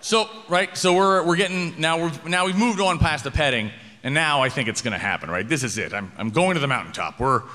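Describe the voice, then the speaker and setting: A man telling a comic personal story on a theater stage, animated and yelling out bits of dialogue. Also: on the high side, a little fast. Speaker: live storyteller. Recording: live theater reverb, faint hall noise.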